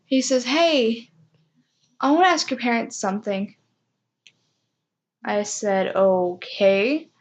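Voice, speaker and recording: A woman's voice: a little high, expressive, unhurried, pauses often. A young woman casually telling a personal story, self-mocking and acting out what others said. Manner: chatty, self-mocking, acts out quoted voices.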